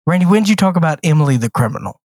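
A man's voice: a little high, very fast, dry recording. Male podcast co-host with a wide-ranging delivery and dry, close sound; jokey film recaps. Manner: animated, joking, retells plots with acted-out quotes. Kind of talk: casual movie review chat.

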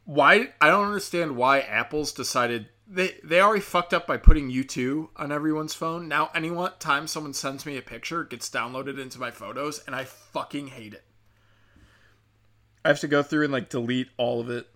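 A man's voice: on the high side, moderate pace, bright, forceful tone. A man hosting a show, ranting in profane, sarcastic commentary and mocking the people he talks about.

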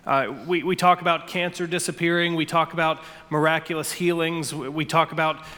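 A man's voice: a little high, level tone, fairly quick, sharp tone, in a large hall. A man preaching a sermon as pastor, earnest, often repeating a word as he starts a phrase. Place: church sanctuary.

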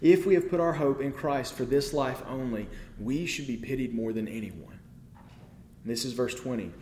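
A man's voice: mid-range voice, normal speed, a little mellow, reverberant, slight background noise. A man preaching a sermon in a conversational way, often checking in with the listeners and building to emphatic peaks.

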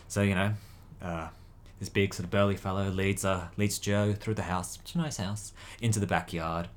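A man's voice: low-pitched, steady tone, moderate pace. A man telling a long joke in casual chat, rambling and hesitant, sighing often.

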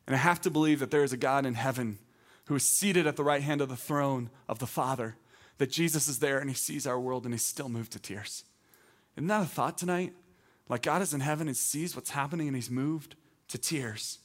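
A male teaching pastor preaching a sermon in a conversational, emphatic way that climbs to loud proclamations. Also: mid-range voice, a little fast.

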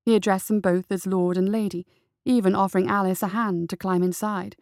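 A woman reading a dark adventure story aloud as its narrator, with a steady, even storytelling delivery. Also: mid-range voice, fairly quick, no echo, clean studio sound.

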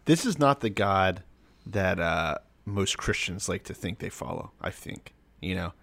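A man co-hosting a relaxed podcast discussion, working through ideas in an analytical, thoughtful way with dry humor. His voice sits fairly low for a man. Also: measured pace, creaky. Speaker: podcast co-host. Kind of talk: casual chat.

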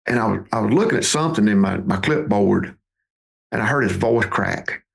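Gravelly man in his fifties. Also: on the low side, animated, normal speed. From Mississippi, USA. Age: 50s. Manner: folksy, repeats words as he restarts. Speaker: podcast guest, duck hunting outfitter. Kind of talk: conversational storytelling.

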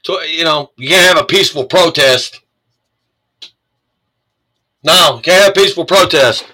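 A man's voice: fairly high pitch, moderate pace, bright, forceful tone, rough recording. Angry, swearing man ranting. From United States. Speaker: commentator reading the news. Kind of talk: profane political rant.

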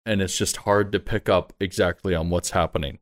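A man narrating a tabletop game as game master, relaxed, jokey and freely swearing. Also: low voice, fairly quick.

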